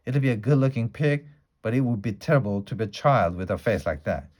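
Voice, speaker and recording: A man voicing a polite, curious young girl in a read-aloud storybook, with his pitch lifted a little. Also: expressive, brisk, darkish tone. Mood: earnest. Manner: polite, questioning.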